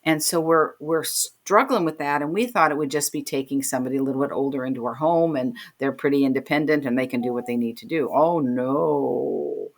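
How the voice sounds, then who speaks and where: Low-voiced middle-aged woman telling a story. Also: a little fast, hardly any pauses. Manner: vivid, emotional, acts out quoted voices. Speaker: podcast guest. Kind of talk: personal storytelling.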